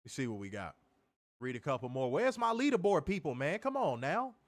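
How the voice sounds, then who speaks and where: This man co-hosts a wrestling review show, reading out comments and ranting with lots of profanity. His voice is slightly high and his delivery brisk, full of animated, laughing tirades.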